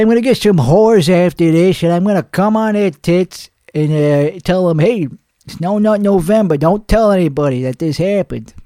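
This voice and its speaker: A man's voice: high-pitched, warm tone, dry recording, clean studio sound. A man playing a crude, boastful podcast persona who rambles through an improvised comedy monologue with many restarts. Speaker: podcast host.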